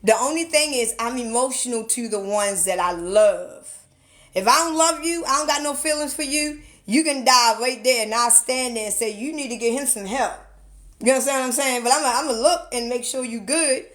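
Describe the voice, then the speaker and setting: A young woman, chatting casually on a phone livestream, telling stories loudly and emphatically. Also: a little high, a little fast. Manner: animated, loud storytelling with laughter, emphatic repetition. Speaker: TikTok live streamer. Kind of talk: casual livestream storytelling and musing. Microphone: phone camera.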